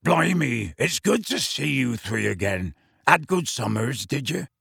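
A man voicing a gruff, battered giant gamekeeper in an audiobook, with slow, rough, rustic speech. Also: mid-range voice, sing-song, fairly bright tone, no room sound, clean studio sound, heavily acted. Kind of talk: audiobook reading.

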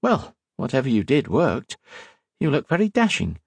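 A man's voice: medium pitch, huge pitch swings, normal speed, gravelly, slightly rough, no echo, pitched above the performer's own voice, heavily acted. A man voicing a playful, bold young woman in a storybook reading, teasing and lilting.

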